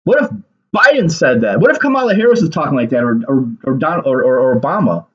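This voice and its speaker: A man's voice: medium pitch, big pitch swings, fast, lo-fi sound. A man talking through casual political commentary in a rambling way, repeating words and leaning on fillers.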